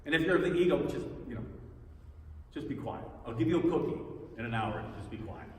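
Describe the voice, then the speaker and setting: A man giving a personal testimony talk at a spiritual center, telling stories with pauses and repeated words. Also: medium pitch, animated, darkish tone, slight background noise. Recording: echoey hall, distant mic.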